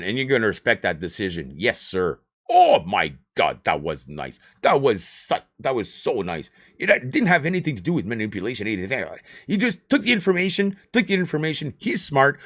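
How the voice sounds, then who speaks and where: A man, chatting on a live stream in an excitable, rambling way and swearing often. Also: medium pitch. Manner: animated, excitable ranting with swearing.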